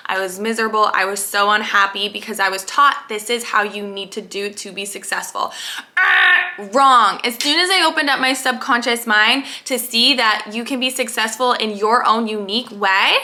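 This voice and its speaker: A young woman giving an energetic, emphatic motivational talk as a life coach, repeating phrases for stress. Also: a little high.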